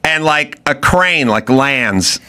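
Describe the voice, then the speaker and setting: A man's voice: medium pitch, slow pace, clean tone. A man hosting a podcast, ranting comedically and acting out the voices in his stories. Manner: animated, acts out voices, lots of fillers. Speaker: podcast host. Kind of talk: comedic opinion rant.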